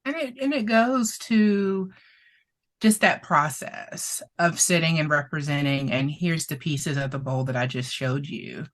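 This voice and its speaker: Here a female therapist appears as a guest, her voice deep and her pace measured. Her conversational storytelling is lively and expressive, full of frequent laughter and moments of emotion.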